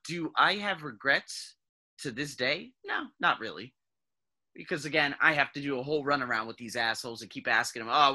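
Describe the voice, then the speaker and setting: A man in his thirties hosting a podcast, talking in a casual, blunt, profane monologue that swings between low muttering and loud outbursts. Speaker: podcast host.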